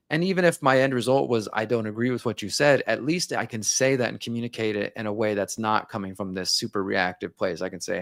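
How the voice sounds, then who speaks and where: A man's voice: lowish voice, quick pace, gravelly, few pauses, a bit bright, no echo, clean studio sound. A man speaking as an interview guest, talking candidly and reflectively, and sometimes acting out his own inner dialogue.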